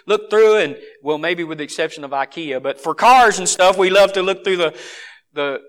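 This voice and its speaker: A man preaching a sermon, swinging from forceful exhortation to hushed earnestness. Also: high-pitched, normal speed, smooth.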